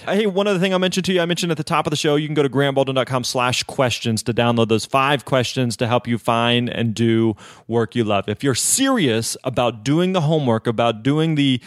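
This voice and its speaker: A man hosts a podcast in a casual, upbeat way, encouraging listeners with loose, chatty phrasing full of fillers. His voice sits at an ordinary middle pitch. The recording is dry and close, with no room sound. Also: no echo. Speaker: podcast host.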